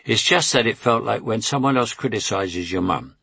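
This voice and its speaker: A man's voice: on the low side, animated, moderate pace, creaky, pushed and bright, husky, no room sound. A man in his eighties with a London Cockney accent, reading his memoir in a wry, conversational way. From England. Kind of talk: audiobook memoir narration.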